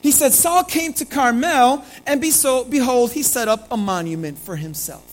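Preacher, first-person sermon storytelling, dramatic, loud then hushed, mid-pitched voice. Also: normal speed, poor audio. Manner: dramatic storytelling, swings from loud emphasis to hushed low delivery. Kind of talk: sermon told in first person as a biblical prophet.

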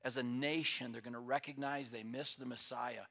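A male pastor preaching a sermon, swinging between loud declarations and quiet asides. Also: mid-range voice, fairly even intonation, normal speed, vocal fry.

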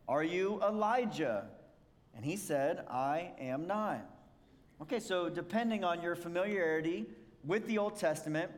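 A man's voice: high voice, big-room sound. A man preaching a sermon, explaining scripture in a conversational way and asking rhetorical questions. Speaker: pastor.

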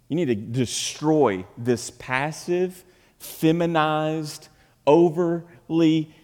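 A man preaching a sermon, moving between loud, emphatic passages and quiet, low asides. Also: animated, slow, long reverb tail. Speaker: pastor. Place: church sanctuary.

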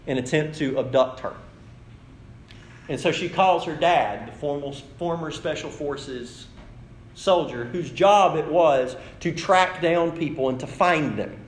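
Preacher dude, chatty storytelling sermon, roomy church sound. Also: male voice. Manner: storytelling, conversational, shifting to low dramatic delivery. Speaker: pastor.

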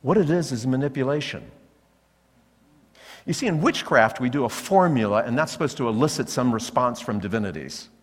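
Male preacher, lively storyteller, long reverb of a large hall. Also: medium pitch, brisk. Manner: animated storytelling, acting out voices. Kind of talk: sermon.

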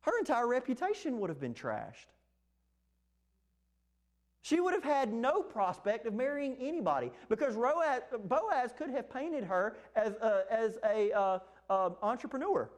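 A man preaching a sermon, lively and animated, acting out the words of the text. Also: unhurried. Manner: animated, acts out scripture quotes with rising pitch.

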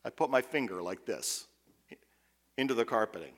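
A man preaching a sermon as pastor, impassioned, swinging from hushed, quiet passages to loud, urgent ones. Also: medium pitch, animated, moderate pace.

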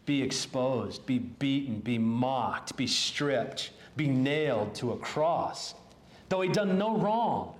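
A man's voice: mid-range voice, lively intonation. Earnest man preaching in an echoey room. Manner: earnest, halting, restarts phrases when moved. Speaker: pastor. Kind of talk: sermon.

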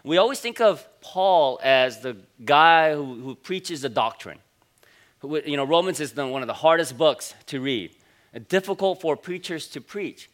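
Male pastor, forties, bright voice, chatty anecdotal sermon delivery in church. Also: on the high side, lively intonation, normal speed. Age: 40s. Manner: conversational, storytelling, many fillers.

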